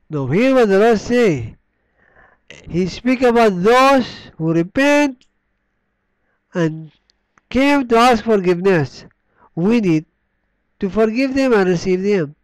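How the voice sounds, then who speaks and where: High-voiced, slow-preaching man. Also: clean tone, no echo, rough recording. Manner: slow, deliberate preaching with long pauses and falling line endings; reads scripture aloud in an earnest tone. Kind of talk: sermon.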